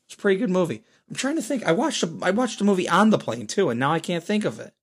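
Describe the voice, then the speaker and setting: A man hosting a casual solo podcast, hoarse from screaming, telling stories with lots of laughter. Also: sits high, fast. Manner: animated storyteller, laughs often. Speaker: podcast host.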